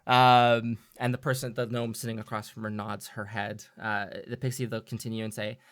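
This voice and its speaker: A man running a tabletop game as game master, describing scenes in a halting, filler-heavy way. His voice is bright and forward. The recording is dry and close. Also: lowish voice, flat delivery, clean tone, no room sound.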